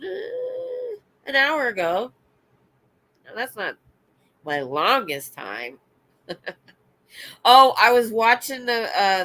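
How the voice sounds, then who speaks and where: A woman with a stuffy nose, hosting a casual late-night livestream, chatting loudly, laughing often and reading out comments. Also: on the low side. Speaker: livestream host. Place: home.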